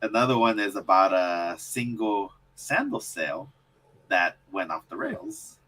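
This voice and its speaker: A man with a low pitch and a bright, forceful tone talks casually on a live show. He plugs his upcoming videos in a loose, offhand way. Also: big pitch swings, unhurried, rough recording. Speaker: reselling youtuber and co-host. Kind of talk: casual chat.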